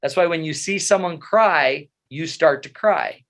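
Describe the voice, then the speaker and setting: A middle-aged man giving a motivational talk, animated and self-mocking, telling funny stories. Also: fairly high pitch, a little slow, vocal fry. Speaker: motivational speaker. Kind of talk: humorous storytelling talk.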